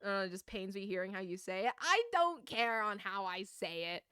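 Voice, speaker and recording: A young woman streaming a game, ranting casually with swearing and quick laughs while chatting to viewers. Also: mid-range voice, lively intonation, sharp tone, clear, resonant tone, no room sound, clean studio sound. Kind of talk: casual gaming stream chat.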